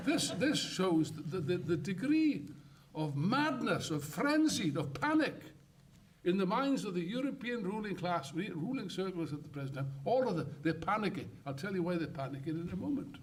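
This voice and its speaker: Older guy ranting at a congress, high voice jumping all over, picked up from far off in a hall. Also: lively intonation, moderate pace, a little hiss or hum. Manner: impassioned, rambling, swings from loud outbursts to muttered asides. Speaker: political speaker. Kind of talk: congress speech. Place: conference hall.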